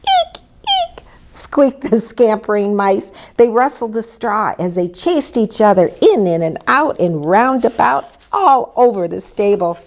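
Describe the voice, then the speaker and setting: A woman reading a children's story aloud in an expressive way, inviting her listeners to join in. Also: mid-range voice, unhurried, few pauses. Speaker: storybook reader.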